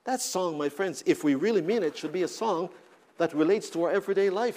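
A man's voice: high voice, a little fast, darkish tone. A man preaching a sermon, repeating words and rising in emphatic bursts.

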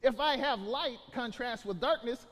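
A man's voice: very high voice, moderate pace, fairly bright tone, big-room sound. A man preaching a sermon as pastor, building to emphatic bursts and often restarting his phrases.

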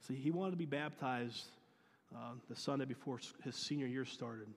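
A man's voice: mid-range voice, moderate pace, in a large hall. A man, a youth pastor, telling a personal story in an earnest sermon, often restarting and acting out dialogue.

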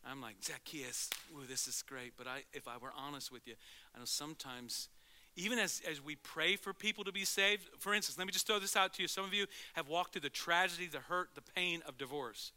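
A male pastor preaching a sermon in an animated way, swinging from loud to hushed and acting out quotes. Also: fairly high pitch, brisk.

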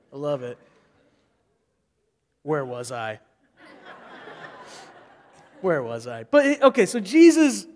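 A male pastor preaching a sermon in an animated way, acting out the voices of people in the story. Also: high voice, in a large hall.

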